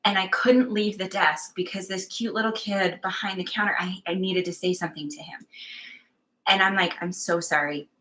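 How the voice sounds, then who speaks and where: Bright-voiced chatty woman storyteller. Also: medium pitch, steady tone, moderate pace, rough recording. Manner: candid, chatty, self-mocking. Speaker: psychic medium guest. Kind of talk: casual conversational storytelling.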